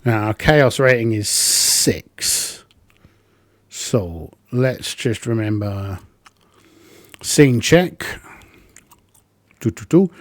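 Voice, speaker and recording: A man's voice: medium pitch, expressive, extremely slow, pauses often, no room sound. A man narrating his solo tabletop game, thinking aloud with plenty of ums.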